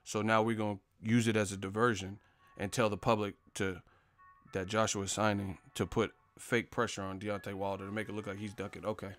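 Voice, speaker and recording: A man's voice: on the low side, flat delivery, fairly quick, a bit bright, faint music behind. A man hosting a boxing live stream, reading chat questions and answering in a brash, mocking, profane trash-talk manner.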